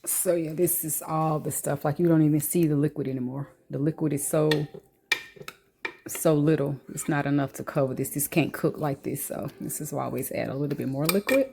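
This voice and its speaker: Chatty lady cooking at home, lowish voice, talking into her phone. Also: steady tone, brisk, creaky, darkish tone, slight background noise. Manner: chatty, talks to viewers while cooking, slangy asides. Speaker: cooking vlogger. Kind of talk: casual cooking vlog chat. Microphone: phone camera.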